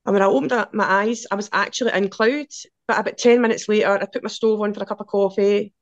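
A Glaswegian woman in her forties, a podcast guest telling casual, lively stories in quick run-on anecdotes. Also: medium pitch, no room sound, muffled recording. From Scotland. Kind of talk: casual storytelling.

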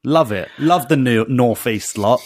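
A man's voice: mid-range voice, measured pace, no echo. A man co-hosting a podcast, chatting casually, calling his co-host mate and laughing often. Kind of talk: casual chat.

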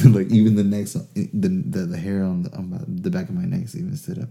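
Gravelly low-voiced man telling stories. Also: brisk, hardly any pauses. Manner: animated, profane, laughs through his stories. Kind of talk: casual storytelling chat.

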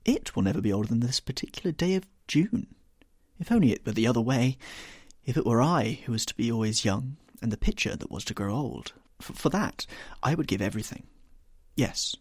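A man's voice: mid-range voice, lively intonation, fairly quick, darkish tone, slightly rough, no room sound, clean studio sound. A man reading the part of an anguished, vain young man who dreads growing old, pleading and rising to despair.

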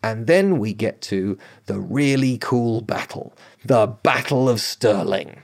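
A man giving casual history commentary, chatty and emphatic, with quick asides and frequent checks with the listener. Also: lowish voice, lively intonation, creaky.

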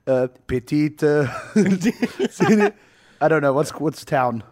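A man's voice: a little high, slow. A man co-hosting a casual podcast, laughing often and acting out quotes. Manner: laughing, animated, acts out quotes. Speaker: podcast co-host. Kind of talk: casual chat.

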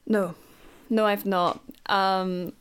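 A woman's voice: medium pitch, level tone, drawn-out words, smooth. A woman co-hosting a casual podcast, talking with frequent ums and restarts. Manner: many ums and restarts, chatty. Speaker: podcast co-host.

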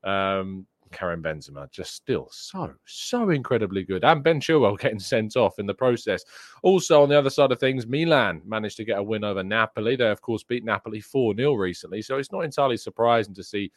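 A man's voice: on the low side, expressive, brisk, no room sound, studio quality. A man hosting a daily football news show, chatting casually through fixtures and reading out viewers' questions, with frequent ums and uhs.

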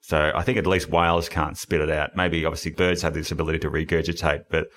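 Deep-voiced podcast host. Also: male voice, little pitch movement, fast, fairly bright tone. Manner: rambling, self-correcting, enthusiastic. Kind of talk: casual podcast interview.

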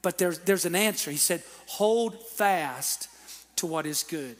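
A man preaches with a high voice at an unhurried, deliberate pace. He calls out to the congregation for answers and swells into shouts. His voice rings through the long reverb of a church hall. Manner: preaching with call-and-response to the congregation; builds to shouting peaks. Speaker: pastor. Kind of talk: sermon. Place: church sanctuary.

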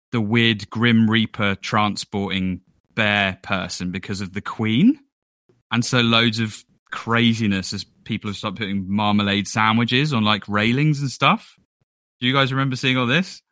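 Playful male podcast host, bright lively voice, dry close sound. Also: lowish voice, a little slow, no echo. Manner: playful, jokey, puts on silly voices. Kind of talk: casual chat.

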